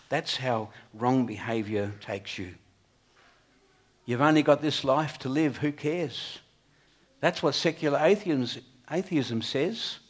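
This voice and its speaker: A man preaching a sermon in an earnest way, swinging between emphatic peaks and quiet, low passages. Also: a little slow.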